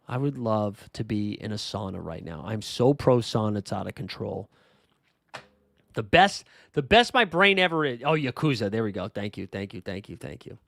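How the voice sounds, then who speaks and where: A man's voice: fairly low pitch, lively intonation, normal speed, vocal fry, fairly bright tone, no room sound, studio quality. A man hosting a fantasy sports livestream in a casual, rambling way, thinking aloud as he answers chat comments. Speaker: livestream host.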